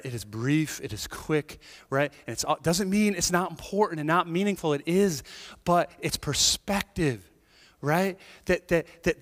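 Guy pastor preaching, kinda high voice that swings all over, jokey asides, big echoey church. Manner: animated, conversational preaching with asides and self-deprecating jokes. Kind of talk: sermon. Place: church sanctuary.

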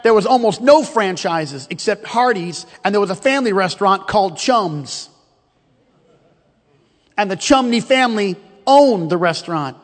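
Middle-aged male preacher, high-pitched, folksy and joking, reverberant sanctuary sound. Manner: storytelling, joking, calls out to the congregation. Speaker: pastor. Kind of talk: sermon. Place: church sanctuary.

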